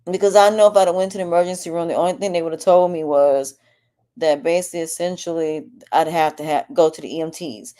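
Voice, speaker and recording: A podcast host talks through a personal health update, candid and rambling, restarting again and again because of her sore, swollen throat. She speaks fast in a lowish, dark voice with fairly even intonation.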